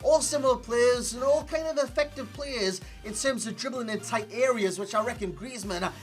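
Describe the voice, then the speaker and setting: A Geordie man runs through a gameplay review in a casual, rambling way. He loops back on his own phrases and pokes fun at his slip-ups. Faint music plays softly behind his voice. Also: very high-pitched, moderate pace. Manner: chatty and rambling, repeats phrases, jokes at himself. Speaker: video game player reviewer. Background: faint background music.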